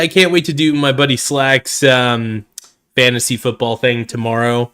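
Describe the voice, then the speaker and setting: A man chats loosely on a live stream, full of "um" and "uh" and friendly asides to his viewers. His voice is a little worn, as if he is starting to lose it. He sits in an everyday middle register, neither high nor low. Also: little pitch movement, normal speed, fairly bright tone, smooth. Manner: rambling, filler-heavy, calls viewers "man" and "guys". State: slightly losing his voice. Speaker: fantasy football video host. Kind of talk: casual live-stream chat.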